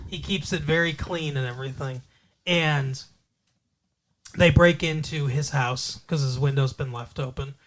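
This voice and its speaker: A man's voice: mid-range voice, a little slow, fairly bright tone. A man co-hosting a podcast, casually retelling a movie plot in a loose, profane way. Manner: loose and profane, with frequent fillers and laughs. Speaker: podcast co-host.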